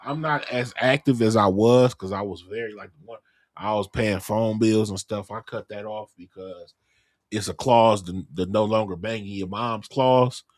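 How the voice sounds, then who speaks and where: A man speaks in with a fairly low voice, restarting words as he tells frank stories. He jokes like the comedian he is. The recording is dry and close. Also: normal speed, dry recording. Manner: stammers and restarts, frank storytelling. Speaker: comedian co-host. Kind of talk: casual podcast banter.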